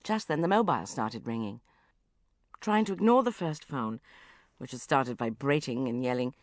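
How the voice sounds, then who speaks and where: Animated woman narrating a comic diary. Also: very deep voice, moderate pace, no echo, clean studio sound. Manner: animated, breathless exasperation, flat asides. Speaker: audiobook narrator.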